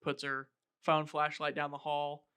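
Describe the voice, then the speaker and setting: A man's voice: a little high, unhurried, clear, resonant tone. A man hosting a casual podcast, animatedly retelling a film scene by scene. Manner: animated storytelling, acting out quotes. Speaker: podcast host. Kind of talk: casual chat.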